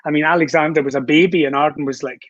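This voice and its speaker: A man's voice: fairly high pitch, steady tone, very fast, dry recording, dull audio. A Scottish man on a video call, chatting as a guest and telling long stories with lots of fillers and restarts. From Scotland. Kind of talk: casual chat.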